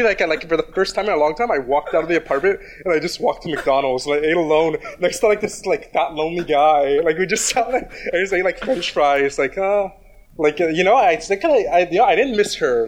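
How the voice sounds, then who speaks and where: A man's voice: fairly high pitch, slight background noise. A man telling a story in casual chat, rambling with lots of fillers and restarts, crude and blunt.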